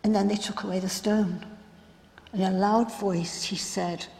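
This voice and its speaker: A woman playing a grieving biblical sister in a first-person dramatic monologue, telling her story in an earnest, reflective, halting way. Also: medium pitch, steady tone, vocal fry, warm tone. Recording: long hall reverb.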